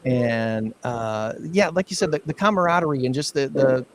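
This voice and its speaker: A man's voice: mid-range voice, lively intonation, normal speed, slight background noise. A man hosting a podcast interview, asking long rambling questions that stumble and repeat. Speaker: podcast host.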